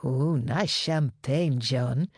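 A woman reading an audiobook, voicing a brassy, husky woman who speaks low, slow and knowing with quiet menace. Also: no echo, clean studio sound, full character voice. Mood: sultry menace. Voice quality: husky, sensuous.

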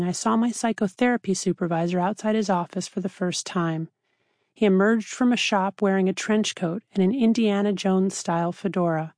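A woman, a psychiatrist, reading her own memoir aloud in a measured, reflective way. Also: mid-range voice, darkish tone, no echo, studio quality. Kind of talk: audiobook narration.

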